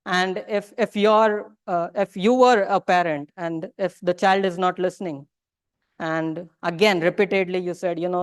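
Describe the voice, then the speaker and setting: Smooth-voiced woman teacher. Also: lowish voice, steady tone, measured pace, no room sound, clean studio sound. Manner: questioning the audience, mixing in Hindi phrases. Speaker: religious teacher. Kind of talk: interactive lecture to a class. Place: temple lecture room.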